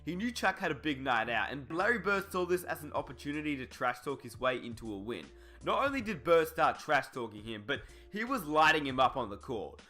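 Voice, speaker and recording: A male narrator tells a sports story in a scripted documentary read. His voice is bright and forceful, with a fairly high pitch that swings a lot. Soft background music runs underneath. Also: sing-song, fairly quick.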